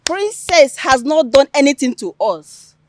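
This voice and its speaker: A principled young woman protesting against her scheming friends. Her voice is high and lively in pitch, recorded close and dry. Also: measured pace, no room sound. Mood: earnest. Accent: Nigerian. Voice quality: earnest, protesting. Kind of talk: film drama acting.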